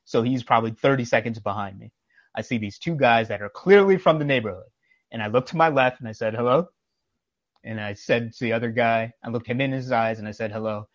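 Male podcast co-host, emphatic storyteller, mid pitch, dry and a bit muffled. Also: quick pace, no echo. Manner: emphatic, preachy, tells anecdotes with quoted dialogue.

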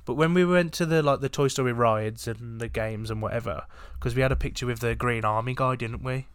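Teasing man in relaxed chat. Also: mid-range voice, a little fast, clear, resonant tone, no echo, studio quality. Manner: relaxed, teasing, with frequent restarts. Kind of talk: casual chat.

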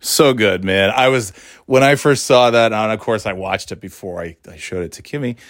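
A man enthusing about a video in casual chat before signing off quickly. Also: lowish voice, fairly bright tone, no echo, studio quality. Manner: enthusiastic, laughing, quick sign-off.

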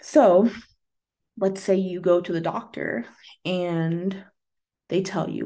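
A woman's voice: fairly low pitch, fairly even intonation, takes it slowly, pauses often, warm tone. Chatty encouraging woman podcast host. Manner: chatty, earnest, filler-heavy with frequent "like"; encouraging, with light laughs. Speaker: podcast host and health coach. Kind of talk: casual solo podcast talk.

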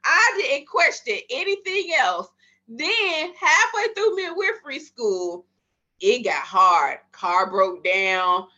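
A woman's voice: sits high, big pitch swings, slow, pushed and bright. A woman in her thirties, a midwife, telling her story in a casual interview and acting out her own past thoughts and conversations. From Miami area. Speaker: midwife, podcast guest. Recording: slightly dull lo-fi audio.

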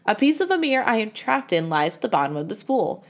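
A woman voicing a proud young woman in a storybook who speaks in a measured, self-assured way. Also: mid-range voice, sing-song.

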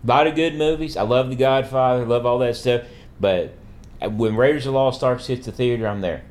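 A man's voice: mid-range voice, a little fast. Middle-aged man, casual chat. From Kentucky. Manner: relaxed storytelling, emphatic opinions. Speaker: guest father.

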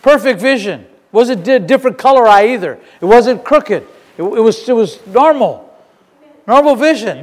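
A man preaching with fervor from a church platform, his voice pitched high for a man and driving hard on each point. He doubles back on his words and restarts phrases as he presses on. A long reverb from the large hall trails behind every line. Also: lively intonation, moderate pace. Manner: fervent, emphatic, repeats and restarts phrases. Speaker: pastor. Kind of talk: sermon. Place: church sanctuary.

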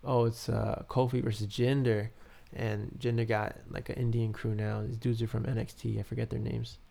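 A man with a gravelly, fry-edged voice sits at middle pitch. He rambles through casual commentary, full of filler words and loose asides, like a podcast host talking off the cuff. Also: level tone, moderate pace, warm tone.

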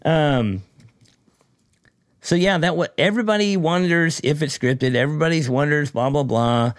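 A man who judges a tattoo competition, telling a story in casual chat, blunt and profane, with animated, mocking asides. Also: on the high side, normal speed, dry recording, studio quality.

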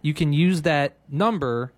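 A talkative man co-hosting a casual comedy podcast, his voice sitting somewhat high for a man. He rambles through explanations with plenty of "like" and "um" and laughs easily. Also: a little slow. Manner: chatty, laughs often, loose run-on explaining. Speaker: podcast co-host.

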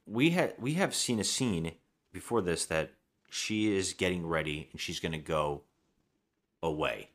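Deep, lively man recapping a movie. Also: a little slow. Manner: retells scenes acting out characters' lines. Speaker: podcast co-host. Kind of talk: casual movie-review chat.

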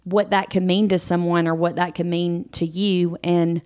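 A woman's voice: fairly low pitch, flat delivery, normal speed, darkish tone. A woman co-hosting a podcast who speaks in a supportive, reflective way in casual chat. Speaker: podcast co-host.

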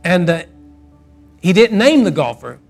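A man preaching a sermon and telling a story, swinging from loud quoted outbursts to a soft, quiet close. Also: high voice, sing-song, unhurried, vocal fry, faint music behind.

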